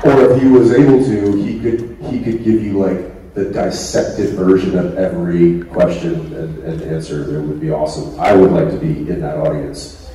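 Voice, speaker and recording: A man's voice: low-pitched, fairly even intonation, moderate pace, warm tone. A man, an actor guest on a convention panel, telling a rambling, laughing story on stage. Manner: laughing, rambling anecdote with acted-out quotes. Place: large convention hall. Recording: echoey hall from far off, noisy.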